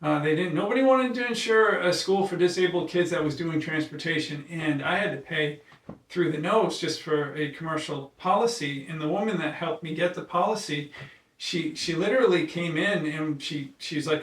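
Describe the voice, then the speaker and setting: A slightly bright, higher-than-average male voice belongs to an occupational therapist and founder speaking casually. He shares heartfelt, emotional stories with frequent halting restarts, recorded in an echoey room with the mic set at a distance.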